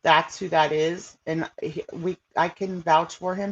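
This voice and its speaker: Unhurried and steady, a woman with a lowish voice runs a laid-back livestream, talking straight to viewers and responding to them. The chatter meanders and repeats itself, thick with filler words, and the recording sounds dull and lo-fi.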